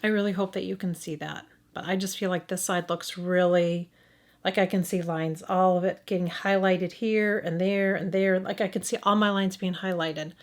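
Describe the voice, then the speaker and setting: A woman's voice: on the low side, fairly even intonation, moderate pace. A middle-aged woman with a Midwestern accent giving a casual makeup review, thinking aloud and often restarting her sentences. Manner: thinking aloud, hesitant, frequent restarts and self-corrections. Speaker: beauty vlogger.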